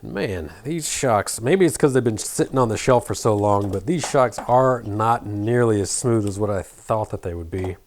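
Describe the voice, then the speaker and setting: A middle-aged man with a faint, mostly flattened Southern American accent, chatting casually and muttering to himself while working at a bench. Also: on the low side, normal speed, hardly any pauses, slight background noise. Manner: rambling, self-deprecating, mutters while working. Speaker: hobby shop owner building an RC truck.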